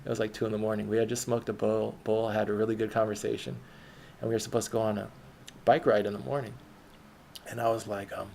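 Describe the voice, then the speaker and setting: A young man tells a story from his own life in a loose, rambling way, swearing as he goes. His voice sits low, with a gravelly fry. A faint hiss runs underneath. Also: little pitch movement, quick pace, darkish tone. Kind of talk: casual autobiographical storytelling.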